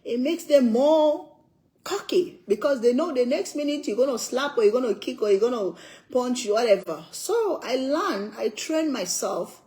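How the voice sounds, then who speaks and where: An older woman from Africa talks casually as she eats, pressing her points through repetition. Her voice sits a little high, and she laughs often as she talks. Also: warm tone, rough recording. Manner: emphatic, repeats herself, laughs often. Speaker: cooking vlogger. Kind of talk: casual chat while eating.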